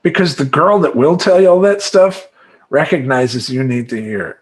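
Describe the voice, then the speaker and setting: A man talking as a life coach in a motivational monologue, emphatic and animated, chanting affirmations in rhythmic repetition. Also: a little high, normal speed.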